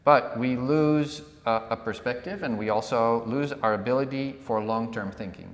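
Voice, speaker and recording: A man co-hosting a podcast, telling a parable in a relaxed conversational way and acting out the villagers' lines. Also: mid-range voice, normal speed. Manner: animated storyteller who acts out villagers. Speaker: podcast co-host. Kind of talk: conversational storytelling. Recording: echoey room with long reverb.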